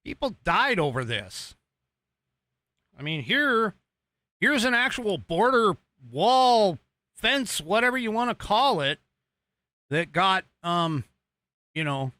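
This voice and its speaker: With a high, pushed and bright voice, very animated but slow and full of long pauses, an American man hosts a political podcast. He rambles casually over video footage he's playing, with many fillers and restarts, and there's no echo.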